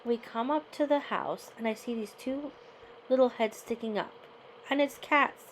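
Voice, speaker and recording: Higher-voiced woman reading aloud, conversational. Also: normal speed, slight background noise, low-quality recording. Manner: conversational, tags remarks with "right?". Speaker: host. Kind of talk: reading a memoir chapter aloud, then commentary.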